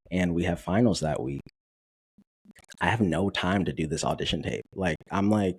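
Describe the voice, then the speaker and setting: A man in his twenties from Dallas, Texas, a podcast guest telling his story in a casual, animated way, acting out quoted dialogue and laughing often. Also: low-pitched, moderate pace, breathy edge.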